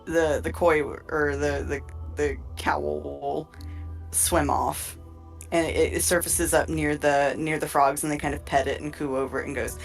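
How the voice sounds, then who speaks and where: A woman narrating as game master in a casual, meandering, halting way. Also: deep voice, little pitch movement, creaky. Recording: faint music behind.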